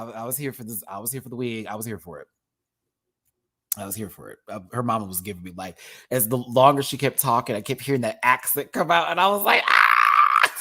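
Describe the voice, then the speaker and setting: A man's voice: mid-range voice, fairly bright tone. A man from Texas giving a sassy, casual commentary on a drag competition, full of drag slang. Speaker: drag show reviewer.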